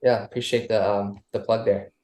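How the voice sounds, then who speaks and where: A man's voice: fairly low pitch, flat delivery, moderate pace, a little mellow. A man guesting on a casual podcast, loose and rambling with many restarts. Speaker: musician guest. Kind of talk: casual interview chat. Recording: roomy echo.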